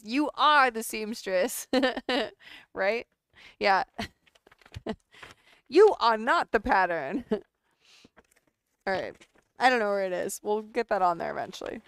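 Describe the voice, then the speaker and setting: A woman's voice: mid-range voice, lively intonation, slow pace, pauses often, a bit bright, clean tone, no echo, clean studio sound. A woman chatting casually on a sewing livestream, laughing often and reading chat aloud.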